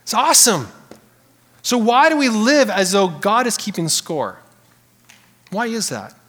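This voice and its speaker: A man preaching a sermon in a church sanctuary, animated and conversational, calling out to the congregation. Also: high voice, measured pace, big-room sound. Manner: animated, conversational preaching with audience call-outs. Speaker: pastor.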